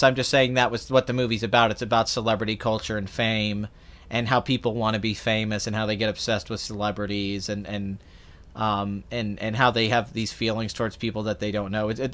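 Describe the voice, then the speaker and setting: A man's voice: on the low side, fairly bright tone. A man hosting a casual film livestream, answering chat in a rambling way with many restarts and fillers. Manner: earnest, talks at length about films. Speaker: film channel host answering live chat.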